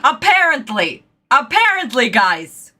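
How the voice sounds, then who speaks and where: A woman hosting a reaction video, talking casually into her microphone at home, excitable and exclamatory, then rambling apologies. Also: high voice, unhurried. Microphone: desk microphone.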